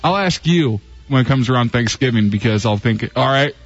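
A man's voice: mid-range voice, animated, a little fast, faint music behind. A man from Detroit co-hosting a radio talk show, easygoing and laughing along with the banter. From Detroit, Michigan. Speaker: radio co-host. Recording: dull lo-fi radio broadcast.

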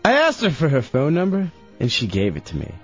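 A man's voice: fairly high pitch, huge pitch swings, brisk, husky. A young man on a radio show reading his old diary aloud in a sloppy, laughing, drunken-sounding way. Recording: dull lo-fi radio broadcast with faint music.

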